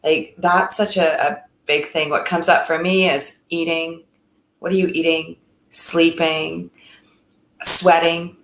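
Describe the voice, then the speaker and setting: Low-voiced woman in an echoey room. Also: flat delivery, slow, fairly bright tone. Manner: reflective, encouraging, speaks in lists. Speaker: co-host. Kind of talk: casual conversation about mental health.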